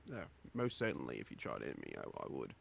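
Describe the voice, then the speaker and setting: A man's voice: a bass voice, huge pitch swings, fast talker, gravelly, heavily acted. A man voicing a tiny male adventurer who stammers nervously and pleads politely. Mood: flustered. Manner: flustered, stammering.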